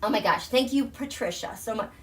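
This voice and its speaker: A woman hosting a live astrology and tarot stream, gushing and excitable, dropping into hushed, near-whispered passages. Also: a little high, breathy edge. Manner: soft and slow, nearly whispering. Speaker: tarot and astrology livestream host.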